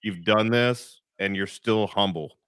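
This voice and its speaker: A man hosting a podcast, speaking in an earnest, measured way. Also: fairly low pitch, fairly bright tone, clean tone, no echo, clean studio sound. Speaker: podcast host. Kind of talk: casual podcast interview.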